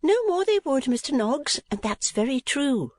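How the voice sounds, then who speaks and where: A man reading an audiobook voices a fussy, chatty middle-aged mother, raising his voice far above his natural pitch into an extremely high, sing-song, swooping tone. She comes across as rambling and flustered, at a moderate pace, in a clean, dry studio recording.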